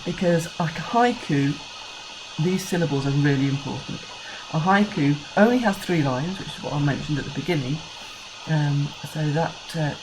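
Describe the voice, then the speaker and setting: English primary teacher, low voice, patient and clear, faint hiss behind. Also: female voice. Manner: slow, clear counting of syllables for children. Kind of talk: recorded screencast lesson.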